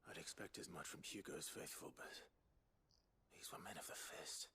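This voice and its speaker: A deep, stoic warrior. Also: male voice, normal speed, sharp tone, slightly rough, whispered, exaggerated voice. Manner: low, terse, controlled. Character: grim, stoic young male warrior. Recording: game audio with faint ambience.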